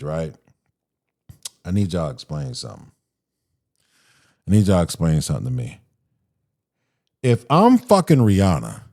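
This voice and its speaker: A man's voice: on the low side, dark tone. A man hosting a solo podcast, ranting with profanity and mocking quoted voices. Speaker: podcast host.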